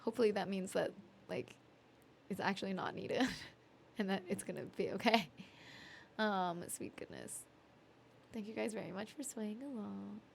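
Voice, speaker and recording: A woman's voice: medium pitch, moderate pace, creaky, pauses often, a little hiss or hum. Giggly, sleepy woman chatting on stream. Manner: chatty, giggly, reads chat aloud. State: sleepy, yawning. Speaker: music streamer. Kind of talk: casual live-stream chat between songs.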